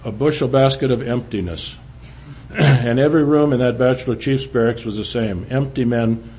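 An older man telling a personal testimony to a church, halting, with frequent restarts, often dropping low and quiet. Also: a little hiss or hum. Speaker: speaker giving testimony.

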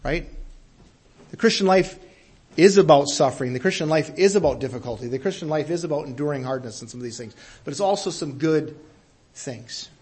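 A man's voice: fairly high pitch, brisk, darkish tone, husky. A man preaching a sermon in an earnest way, repeating his phrases and building to emphatic peaks.

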